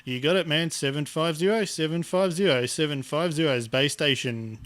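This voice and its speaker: A man with an Australian accent running a base radio station, calmly repeating call signs. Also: on the high side, moderate pace. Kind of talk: shortwave radio chatter.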